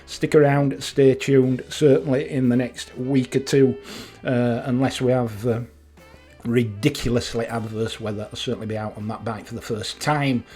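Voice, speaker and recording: A man's voice: mid-range voice, steady tone, moderate pace, mellow, breathy edge, soft background music. Yorkshire man chatting with a grin. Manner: chatty, self-mocking, laughs at own jokes. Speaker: motorcycle vlogger. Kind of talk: casual humorous monologue.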